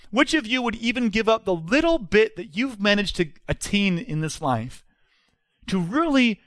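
A man's voice: sits high, a bit bright, no room sound. A man, preaching a sermon as pastor in an earnest, emphatic way.

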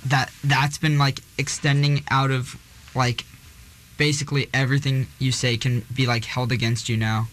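A man's voice: medium pitch, flat delivery, normal speed, fairly bright tone. A young man co-hosting a casual chat, laid-back and agreeable, leaning on "like" a lot. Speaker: co-host.

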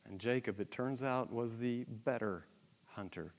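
A man's voice: mid-range voice, measured pace, big-room sound. A male Bible teacher reading scripture and adding commentary in a dramatic, storytelling way.

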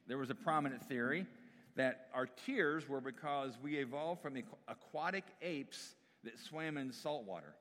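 A man's voice: mid-range voice, a bit bright. Man preaching a conversational sermon. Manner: conversational, asks the congregation questions. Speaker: pastor. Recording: long hall reverb.

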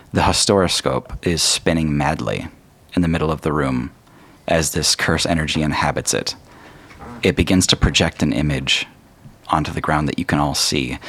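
A man narrating a tabletop game as game master in a measured, descriptive way, with a husky voice. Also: rumbling low, no room sound.

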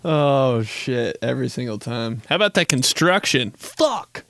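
A young man on his own podcast, riffing in a rambling, self-mocking, profane way, full of "like" and quick laughs. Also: mid-range voice, expressive, vocal fry, a bit bright, no echo. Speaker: podcast host. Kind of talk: casual comedic storytelling.

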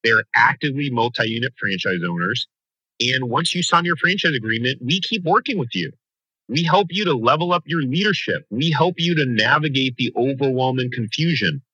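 A man talking as a guest in a podcast interview, coaching franchise owners with an energetic, emphatic motivational delivery. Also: mid-range voice, normal speed, husky, no echo, highs cut off.

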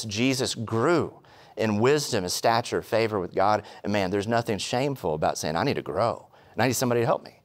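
A man preaching a sermon, telling stories with quick humorous asides and rhetorical questions. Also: lowish voice. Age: adult, past college. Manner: animated storytelling with asides. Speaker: pastor.

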